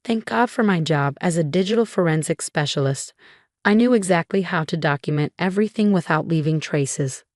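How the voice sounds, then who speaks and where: A woman reading a scripted first-person story as narrator, in an even, measured way. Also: on the low side, no room sound, clean studio sound.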